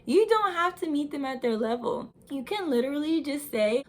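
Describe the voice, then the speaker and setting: A woman's voice: high voice, lively intonation, moderate pace, few pauses. A young woman giving lifestyle advice straight to her viewers, talking in an instructive way and calling them "you guys". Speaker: lifestyle vlogger. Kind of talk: advice vlog talking to camera.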